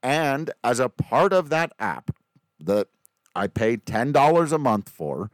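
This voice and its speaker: A man's voice: mid-range voice, big pitch swings, slow, no echo. A man hosting a podcast in a casual, joking, self-deprecating way, reading listener emails and an ad. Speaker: podcast host. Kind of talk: casual podcast chat with ad read.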